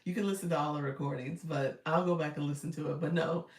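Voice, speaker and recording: A woman's voice: low voice, steady tone, fast talker, a little mellow. A woman coaching viewers through a live stream in a chatty, colloquial way, greeting people as they come in. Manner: chatty, greets viewers by name mid-sentence; colloquial, uses y'all and ain't. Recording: roomy, distant from the mic.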